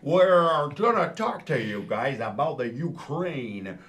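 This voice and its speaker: A man's voice: mid-range voice, sing-song, slow, a bit bright. A man putting on an American accent, playing an earnest news guy. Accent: put-on American.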